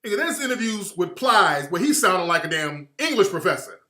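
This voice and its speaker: A man's voice: high voice, very animated, brisk, bright, forceful tone, echoey room. A man from Alabama giving an emphatic, opinionated monologue as a commentator, hammering his points home with repetition. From Alabama, US South.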